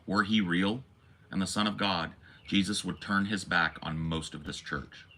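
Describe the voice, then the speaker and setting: Deep-voiced man on a profane rant. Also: steady tone, normal speed, bright, forceful tone, a little hiss or hum. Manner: ranting, preachy, profane. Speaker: podcast host. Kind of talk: impassioned monologue.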